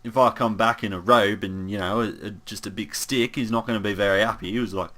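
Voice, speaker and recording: A man's voice: fairly low pitch, fairly even intonation, fast, pushed and bright. A man voicing a bumbling, easygoing young human paladin in an in-character monologue, rambling with lots of fillers and asides.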